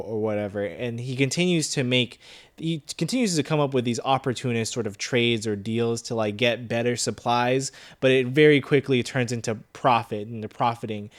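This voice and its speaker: A man co-hosting a film review podcast with an ordinary mid-range voice. He explains in a relaxed, hesitant way, pausing on fillers as he talks. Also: mid-range voice. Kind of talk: casual chat.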